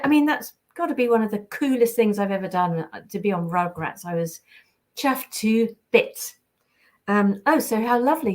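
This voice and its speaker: A British woman, a voice actress, chatting casually on a live signing stream, reading out viewer comments and answering them. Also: on the high side. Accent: British English.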